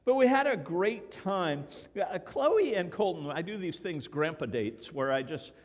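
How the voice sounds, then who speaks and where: An older man, a grandfather, preaching a sermon in a church and telling stories with lively quoted voices. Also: sits high, unhurried, big-room sound. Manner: storytelling, animated, acts out quoted voices. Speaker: pastor. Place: church sanctuary.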